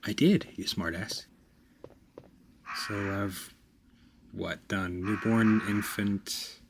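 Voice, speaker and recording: A man hosting a let's play, commenting on the game with loud, profane reactions and self-mocking jokes. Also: lowish voice, steady tone, extremely slow, vocal fry, noisy background. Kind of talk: gameplay commentary.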